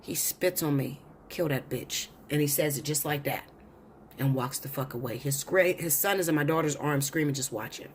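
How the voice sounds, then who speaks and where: Low-pitched woman, blunt and cussing, tells her story straight to camera, a little hiss behind. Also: a little fast. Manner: blunt, profane and insistent. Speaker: tarot reader. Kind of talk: storytelling monologue.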